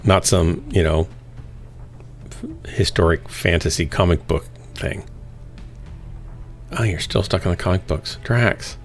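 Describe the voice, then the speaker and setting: A man's voice: sits low, a little slow, long pauses, faint music behind. A man streaming a mech game, joking and teasing his teammates in casual chat.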